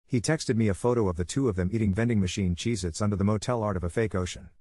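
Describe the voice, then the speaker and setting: A man reading a first-person story aloud in a steady, measured narrating style. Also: lowish voice, no echo, clean studio sound.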